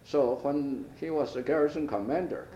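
An older man, a retired professor whose first language is Chinese, recalls his past in an oral history interview, speaking haltingly with many hesitations and restarts and switching into Chinese. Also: on the high side, warm tone. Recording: roomy, dull archival tape with faint hiss.

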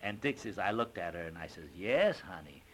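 An older man and stage actor, recounting an anecdote in an interview as an animated storyteller who acts out quotes with frequent fillers. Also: low voice, fast, a little hiss or hum.

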